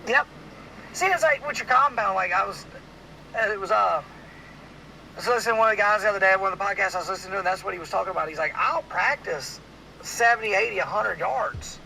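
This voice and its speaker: A man from with a drawl tells a hunting story as host of a casual podcast, rambling and padding it with "like". His voice sits high, sharp and bright, with a gravelly edge. A faint hiss runs under the recording. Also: fast talker, pauses often, poor audio. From Louisiana. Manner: rambling, animated storyteller with many "like"s.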